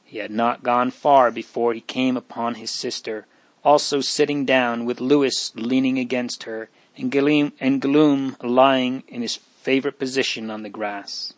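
A man narrating a storybook in a steady, even reading manner. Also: mid-range voice, measured pace, no room sound. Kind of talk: audiobook reading.

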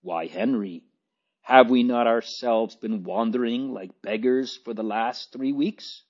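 A man voicing a gentle, anxious young noble girl who pleads softly, in a dull lo-fi recording. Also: mid-range voice, a little slow, natural voice. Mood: earnest pleading. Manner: pleading, soft.

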